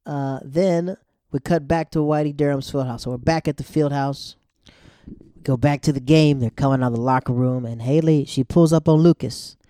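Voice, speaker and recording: A man with a mellow, warm voice talks through a TV episode recap in loose, slangy chat. He jumps into the characters' lines in quick bursts. The sound is dry and close, with no room around him. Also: mid-range voice, steady tone, dry recording.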